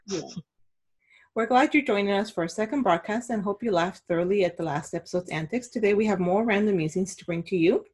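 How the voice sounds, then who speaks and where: A woman in her thirties co-hosting a podcast, telling stories in an animated, excitable way. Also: medium pitch, fairly quick, breathy edge. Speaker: podcast co-host. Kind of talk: casual chat.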